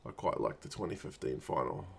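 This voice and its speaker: A man's voice: rumbling low, big pitch swings, brisk, vocal fry, husky. A man in his thirties hosting a live watch-along from home, giving casual commentary in muttered reactions and urging the players on. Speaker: watch-along stream host.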